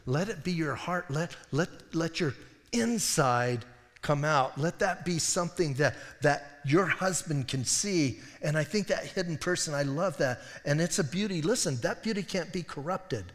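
Pastor guy preaching, kinda high voice, chatty with little side jokes, big echoey church hall. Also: lively intonation, moderate pace, fairly bright tone. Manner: conversational, self-interrupting preaching with wry asides. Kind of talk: expository sermon.

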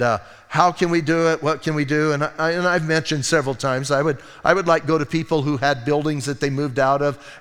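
Brief: male pastor, slightly high voice, chatty storytelling sermon, long hall reverb. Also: fairly bright tone, clear, resonant tone. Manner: conversational storytelling preaching with asides and restarts. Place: church sanctuary.

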